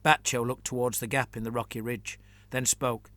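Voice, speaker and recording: A man narrating a scripted fantasy story in a measured, even way. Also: mid-range voice, dry recording.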